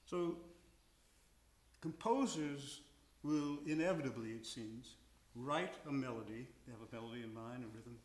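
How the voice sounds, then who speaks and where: Speaking in a medium-pitched voice with reverberant sound, a veteran opera tenor, an older man, reflects slowly on singing at a Q&A on a concert house stage. Now and then he sings short examples to illustrate his points.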